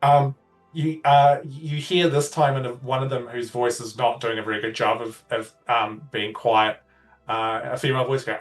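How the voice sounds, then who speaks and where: A man's voice: mid-range voice, little pitch movement, moderate pace. Guy running a tabletop game, chatty and loose, bit far off mic, faint music behind. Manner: loose, filler-heavy narration with laughs. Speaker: game master.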